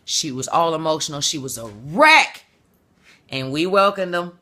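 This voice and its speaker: Brief: emphatic woman vlogger, bright voice, casual motivational talk to camera. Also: sits low, lively intonation, measured pace. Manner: passionate and emphatic, repeats words for effect. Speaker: vlogger and entrepreneur.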